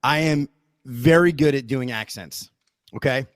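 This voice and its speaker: A man on a casual podcast, rambling and animated as a guest storyteller, restarting his sentences and checking in with his listeners as he goes. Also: mid-range voice, measured pace.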